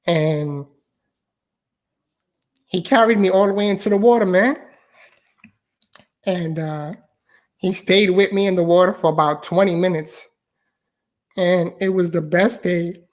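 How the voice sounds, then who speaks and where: A man with a fairly high voice tells a personal story as a guest on a live online interview. He talks in a heartfelt way, repeats his phrases and keeps addressing the listener as "man". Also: steady tone, unhurried, long pauses. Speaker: guest author and speaker. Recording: live online talk show.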